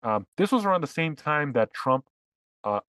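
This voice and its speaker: A man's voice: on the high side, moderate pace, smooth, dry recording. A man co-hosting a casual political podcast, telling stories and acting out what others said. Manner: animated storyteller, acts out quotes. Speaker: podcast co-host.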